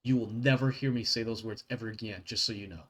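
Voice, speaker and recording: A man voicing a guarded young female crew member who makes dry, measured quips. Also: lowish voice, fairly even intonation, pitched below the performer's own voice, lightly acted.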